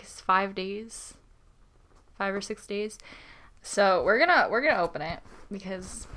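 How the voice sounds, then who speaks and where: A young woman in a casual unboxing vlog who talks straight to her viewers, giggly and nervous with excitement. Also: medium pitch, slight background noise. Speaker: plant vlogger.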